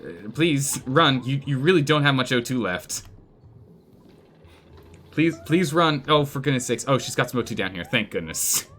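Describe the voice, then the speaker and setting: A man giving live commentary on a colony game, animated and exclaiming, pleading with his characters. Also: mid-range voice, normal speed, slight background noise. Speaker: streamer playing a colony game.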